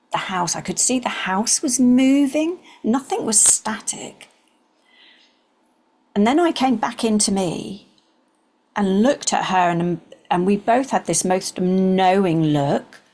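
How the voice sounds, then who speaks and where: A woman in her sixties, an interview guest, earnestly telling a personal story and sometimes dropping into soft whispers. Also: on the low side, gravelly.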